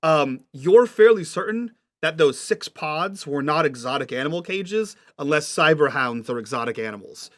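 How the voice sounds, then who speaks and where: A man's voice: a little high, expressive, moderate pace, hardly any pauses, fairly bright tone. A man narrating a tabletop game as game master, describing scenes patiently and checking what the players mean.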